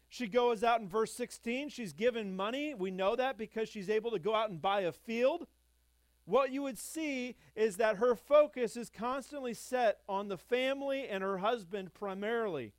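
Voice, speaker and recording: A man teaching a sermon in a fairly high voice, reading scripture aloud and then unpacking it in everyday words. He turns to his listeners with direct questions. The sound is dry and close, with no room echo. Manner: reads scripture aloud, then explains it conversationally; addresses the congregation directly with questions. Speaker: preacher.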